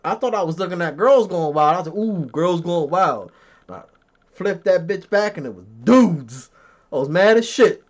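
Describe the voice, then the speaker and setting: In dull lo-fi audio, a podcast host in his thirties chats casually, reading comments from chat and telling stories full of jokes, swearing, and frequent laughter. His voice is high and expressive, at a moderate pace.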